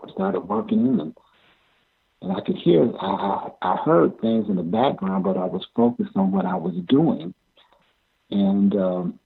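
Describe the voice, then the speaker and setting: Older man, gravelly and husky, tinny sound. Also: on the low side. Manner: halting, repeats words, chuckles often. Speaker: amateur pro wrestler. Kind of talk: interview storytelling.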